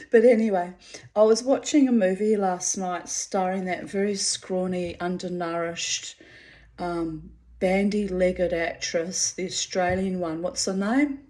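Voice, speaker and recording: A woman's voice: fairly low pitch, steady tone, unhurried, a little mellow. A middle-aged woman rambles through a personal monologue in a chatty, self-mocking way. She breaks into laughter often as she talks. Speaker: vlogger.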